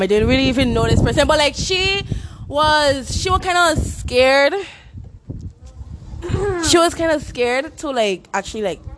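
A young woman on a podcast tells a long story in relaxed chat. She is lively and acts out the people she quotes. A clear hiss and clicks sit under her voice. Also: fairly high pitch. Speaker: podcast guest. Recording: noisy recording with clicks.

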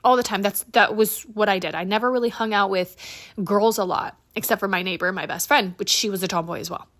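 A young woman hosting her own podcast, talking in a candid, animated way, swearing freely and laughing at herself as she tells a personal story. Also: medium pitch, a little fast. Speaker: podcast host. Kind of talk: casual solo podcast monologue.

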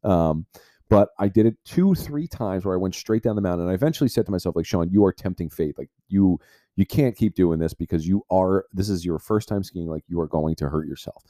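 In a dry recording, a male podcast host with a low, mellow voice rambles briskly through a personal story. His intonation is lively, and he says "like" constantly.

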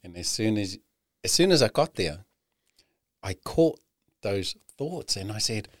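A man with a very low voice tells his own story in an earnest, unpolished way. He swears freely and keeps circling back with "you know" and false starts. The sound is dry and close, with no room around it. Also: sing-song, unhurried, no echo. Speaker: guest. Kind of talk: candid personal storytelling.

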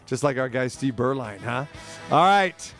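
A man's voice: medium pitch, animated, unhurried, a bit bright, faint music behind. A man hosting a sports radio show, with upbeat, chummy patter as he wraps up and signs off.

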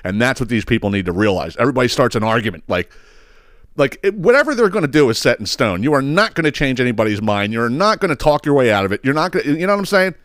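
A man's voice: mid-range voice, very animated, fast, fairly bright tone, no echo, studio quality. A man hosting a podcast, telling a story as a profane, exasperated rant that rambles and repeats words. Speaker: podcast host.

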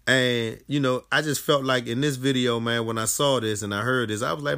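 Gravelly-voiced man ranting casually. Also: medium pitch, brisk, hardly any pauses. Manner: animated, profane, rising to heated outbursts. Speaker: commentator. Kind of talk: casual commentary on a news story.

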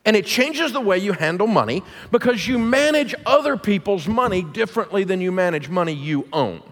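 A man's voice: sits high, animated, brisk, a bit bright. A middle-aged man giving a sermon in a large church auditorium, with emphatic, punchy delivery. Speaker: guest speaker. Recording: long hall reverb.

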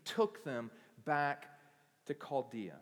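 A man preaching a sermon as pastor, moving between quiet reflective passages and loud impassioned peaks. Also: mid-range voice, very animated, takes it slowly, in a large hall.

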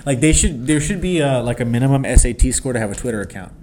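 A man's voice: medium pitch, lively intonation, fast, a crowd in the background. A young man co-hosting a podcast in casual chat, brash and joking, swearing freely. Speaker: podcast co-host.

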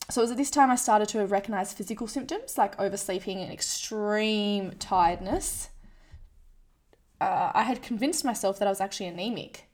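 A woman's voice: mid-range voice, darkish tone. A woman talks straight to the listener in a candid personal monologue. She is frank and self-deprecating. She often slips into quoting her own inner voice. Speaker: vlogger sharing a personal story.

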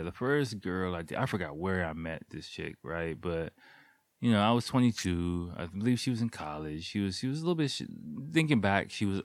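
A man's voice: low voice, no echo, clean studio sound. A man in his thirties casually telling a rambling, profane personal story, full of fillers and restarts. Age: 30s. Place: living in Japan.

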